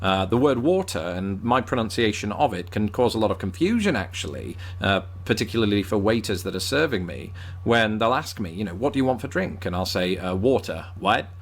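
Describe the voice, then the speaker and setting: A man from England speaks in a southern English accent, his voice sitting a little low. He delivers scripted commentary with a dry, wry sense of humor. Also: animated, a little fast. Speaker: video host.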